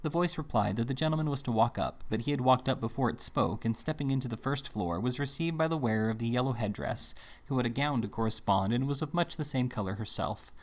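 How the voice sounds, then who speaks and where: A man narrating an audiobook in a steady, measured reading. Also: mid-range voice.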